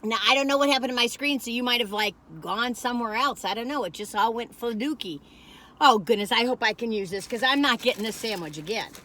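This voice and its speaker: A woman's voice: a little high, fast, sharp tone. An older woman, rambling in a folksy, chatty way as she reviews food on a phone camera in a parked car.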